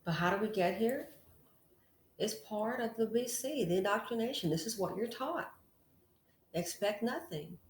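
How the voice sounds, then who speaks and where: A woman's voice: mid-range voice, expressive, normal speed, long pauses. A woman hosting a casual commentary vlog, talking frankly and chattily straight to her female viewers. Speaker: channel host. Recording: echoey room.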